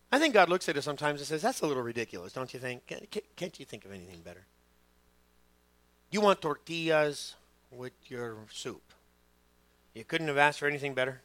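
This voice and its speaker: A middle-aged man preaching a sermon as pastor, telling stories with lively quoted voices. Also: fairly high pitch, a little fast, long pauses, no echo. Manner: animated storytelling, acting out quoted voices.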